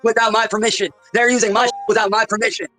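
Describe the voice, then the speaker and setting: A high-pitched man rants at a rapid clip, hurling profane insults and circling back to the same lines again and again. He shouts his grievances on a stream call while faint music plays behind him. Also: little pitch movement, poor audio. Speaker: caller on a stream. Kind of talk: angry ranting.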